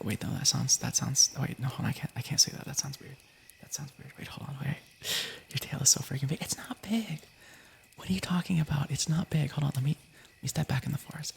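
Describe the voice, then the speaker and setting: Whispering through an ASMR stream, a young man chats and reads stories, giggling playfully and repeatedly cutting himself off. He talks fairly quickly in a creaky, mid-range voice with a breathy edge.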